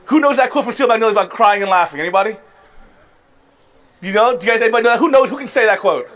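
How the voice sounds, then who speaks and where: A man's voice: sits high, expressive, rapid-fire, fairly bright tone. A man preaching a sermon to his congregation, conversational and emphatic, sometimes laughing at himself. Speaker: pastor. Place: church service.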